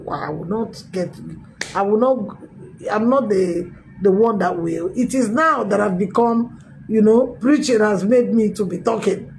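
A middle-aged woman pastor, telling her testimony in a sermon with emphatic, animated storytelling. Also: medium pitch, slight background noise, rough recording. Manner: storytelling with acted quotes, emphatic swings. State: recovering from a tooth extraction.

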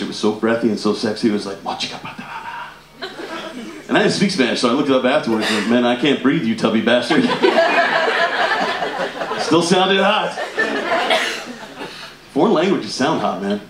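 A man's voice: medium pitch, sing-song, normal speed, long pauses, a little hiss or hum. A man performing a stand-up comedy routine, chatty and laughing through his punchlines. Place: comedy club stage. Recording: echoey room with loud audience laughter.

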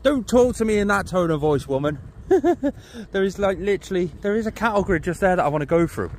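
A man's voice: high voice, animated, fast, a little mellow. A man, chatting casually as a van-life vlogger outdoors and talking to cows. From United Kingdom. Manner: chatty, talks to cows and laughs. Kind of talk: casual vlog commentary. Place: outdoors by a van in wind and farm field. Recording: windy outdoor noise.

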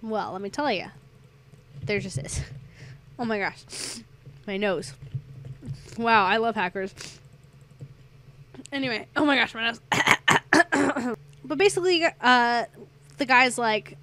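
A woman's voice: on the high side, slow, pauses often, bright, forceful tone, a little hiss or hum. A young adult woman streamer chatting casually while gaming, rambling through a story and getting sidetracked by the game.

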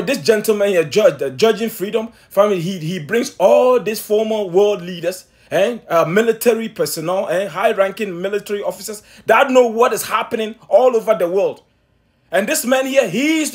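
A man preaching with urgent emphasis, repeating himself, stammering restarts and asking his listeners rhetorical questions. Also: sits high. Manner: stammering restarts when excited. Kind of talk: impassioned sermon commentary.

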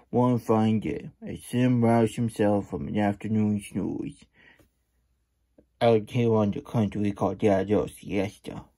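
A man's voice: fairly low pitch, dark tone. A man hosting a casual storybook reading, with playful cowboy-persona banter and rambling asides. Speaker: children's book reader.

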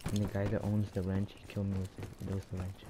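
A man chatting casually while he plays, retelling his kills in an excitable, rambling way with lots of restarts. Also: low voice, quick pace. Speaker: gamer recording his play. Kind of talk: casual gameplay chat. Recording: game gunfire and noise behind. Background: video game gunfire.

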